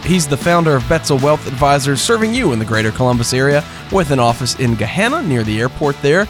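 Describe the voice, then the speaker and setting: Lively wry podcast host, man. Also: mid-range voice, fast, hardly any pauses, soft background music. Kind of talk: scripted intro then casual chat.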